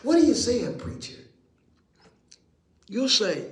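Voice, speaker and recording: Male preacher, high pitch, folksy call-and-response delivery with bursts of shouting, roomy church echo. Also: expressive, a little slow. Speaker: bishop teaching Bible study. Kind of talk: lively preaching to a congregation.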